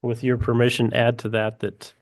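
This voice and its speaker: Gravelly-voiced meeting chair. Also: male voice, medium pitch, monotone, no echo. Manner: brisk, procedural. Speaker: commission chair.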